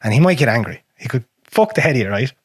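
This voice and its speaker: Irish male podcast host, raspy, quick, blunt and profane, dry close sound. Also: medium pitch, big pitch swings, dry recording. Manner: frank and profane, drops to a near whisper on painful memories. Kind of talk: casual conversation.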